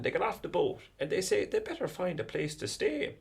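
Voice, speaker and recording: Irish male storyteller, animated, rambling comic yarn, wide-ranging pitch. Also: a little fast, creaky. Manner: chatty, digressive, animated.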